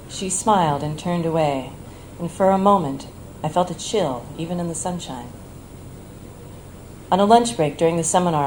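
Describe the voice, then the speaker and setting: A woman reading her own personal essay aloud at a bar event, in a measured, reflective, tender way. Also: fairly low pitch, a little mellow, slight background noise, rough recording.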